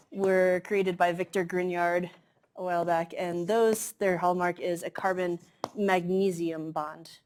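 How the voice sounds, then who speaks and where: A woman with a somewhat low voice lectures to a class in a relaxed, conversational way. She talks through the material with plenty of "um"s and "like"s, keeping it informal and approachable. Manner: casual, filler-heavy explaining with frequent "um" and "like". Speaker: chemistry lecturer. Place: lecture hall.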